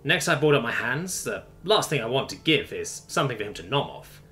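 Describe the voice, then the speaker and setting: A man voicing an easygoing young human man who talks softly and gently, coaxing a wary animal. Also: medium pitch, big pitch swings, a little fast. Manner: soft, coaxing, casual. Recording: faint music underneath.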